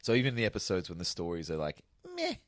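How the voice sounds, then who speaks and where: A man's voice: sits low, very fast, no room sound, studio quality. A man, a comedian guest on a podcast, chatting casually and joking. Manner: joking, animated, laughs often.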